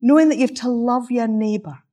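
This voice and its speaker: Woman, preacher, interactive sermon, conversational teaching, rhetorical questions, fairly high voice. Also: moderate pace, mellow.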